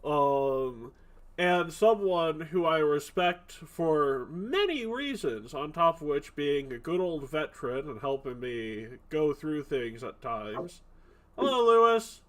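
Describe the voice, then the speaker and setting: A man's voice: on the high side, lively intonation, slow, a bit bright. A man hosting a tabletop game stream as game master, joking and rambling with fillers.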